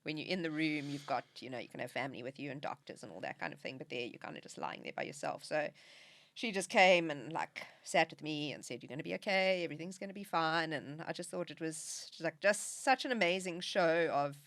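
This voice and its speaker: Low-voiced woman, candid. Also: expressive, fairly quick, fairly bright tone, dry recording. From South Africa. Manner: candid, emotional at times, laughs through tears. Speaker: podcast guest. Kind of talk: conversational interview.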